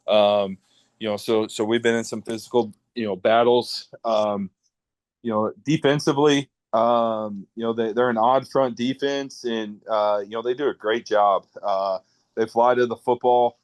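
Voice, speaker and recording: A man who coaches high school football, answering radio interview questions in a halting way with many fillers and restarts. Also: steady tone, dry recording. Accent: American Midwestern.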